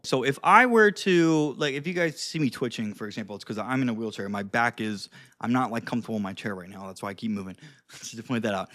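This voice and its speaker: A man's voice: a little high, fairly bright tone, no room sound, studio quality. A young man giving casual advice on social skills, loose and chatty with lots of fillers and some cussing. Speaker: social skills video host. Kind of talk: casual advice talk to camera. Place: seated indoors.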